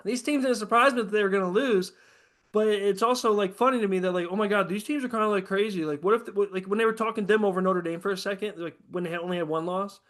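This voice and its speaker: A man hosting a casual podcast chat, talking in a profane, excitable, ranting way. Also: sits high, quick pace. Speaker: host.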